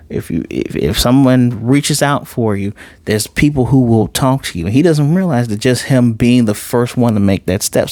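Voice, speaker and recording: A man recapping an anime episode in an earnest, conversational way, sometimes throwing in casual swearing. His mid-pitched voice sits close to the mic with almost no room sound around it. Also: a little mellow, no room sound. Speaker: anime reviewer. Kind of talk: casual spoken episode review.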